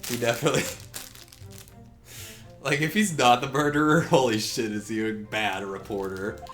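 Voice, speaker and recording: A man's voice: medium pitch, steady tone, moderate pace, a bit bright, faint music behind. A man co-hosting a casual game playthrough, reading dialogue aloud between joking, laughing asides. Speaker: let's play co-host.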